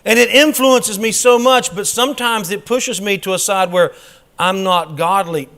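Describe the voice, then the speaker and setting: A man teaching a church Bible class in a preaching style, emphatic and dropping quick humorous asides. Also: high-pitched, fairly even intonation, fairly bright tone.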